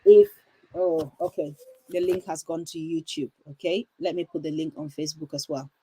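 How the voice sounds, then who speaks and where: A woman's voice: low-pitched, expressive, normal speed, warm tone, husky, low-quality recording. A woman hosting a parenting livestream from home, chatty and reassuring, often putting questions to her viewers. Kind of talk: casual livestream talk.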